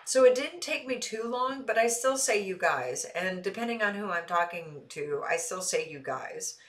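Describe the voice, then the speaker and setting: A woman's voice: medium pitch, animated, normal speed. A woman from the Midwest with a Midwestern accent and a light Texas Southern twang, chatting casually and animatedly with her live-stream audience and laughing easily. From American Midwest. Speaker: streamer answering chat.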